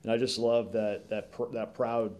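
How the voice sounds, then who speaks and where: A man's voice: on the low side, level tone, normal speed, darkish tone. A man co-hosting a book podcast, reading passages aloud between casual remarks, with many fillers and restarts. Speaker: podcast co-host.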